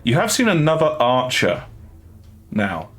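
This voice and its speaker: A man narrating as game master of a tabletop game, halting with frequent restarts and fillers. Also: mid-range voice, wildly swooping pitch, faint music behind. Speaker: dungeon master.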